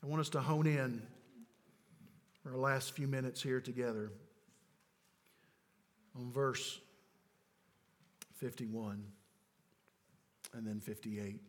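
A man preaching a sermon in an emphatic way, building to loud declarations. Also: medium pitch, fairly even intonation, slow pace, long pauses. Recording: long hall reverb.

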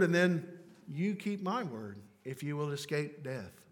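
A man preaching a sermon in an emphatic way, building to loud declarations. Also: on the high side, big pitch swings, a little slow. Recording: long hall reverb.

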